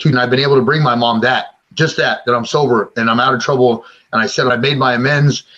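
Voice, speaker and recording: Interviewed about his own life, a man in his forties, once a gang member and now in recovery, speaks bluntly and emotionally with lots of cursing. His mid-range voice is a bit bright, and the lo-fi recording sounds slightly dull.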